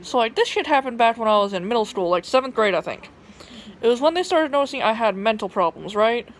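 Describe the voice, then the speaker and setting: A woman's voice: fairly high pitch, expressive, fast. A young woman with a Southern US twang, casually telling a personal story to her phone camera, rambling and profane, with lots of fillers and restarts. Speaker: vlogger.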